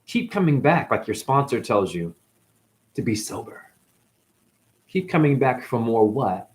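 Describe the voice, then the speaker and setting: A New England man playing a spiritual teacher and former dancer rambles through a profane monologue, shifting between mutters and outbursts. His medium-pitched voice is very animated, though his pace stays measured.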